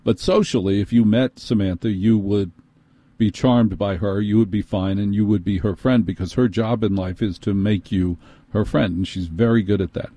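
A man's voice: lowish voice, steady tone, warm tone, no echo. A middle-aged man with a New York accent hosting talk radio, telling a long, exasperated story with sardonic asides. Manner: sardonic, exasperated, quick bursts. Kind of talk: ranting storytelling monologue.

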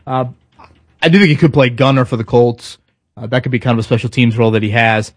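A man's voice: medium pitch, fairly even intonation, fast talker, no echo. A man co-hosting a casual sports talk show, speaking conversationally with frequent fillers and restarts. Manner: conversational, stop-start with fillers. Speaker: sports radio co-host.

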